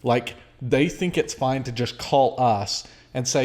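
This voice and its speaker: A man's voice: medium pitch, lively intonation, normal speed, hardly any pauses, darkish tone. Blunt young male podcast host. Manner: blunt, swears, emphatic. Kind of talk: casual conversation.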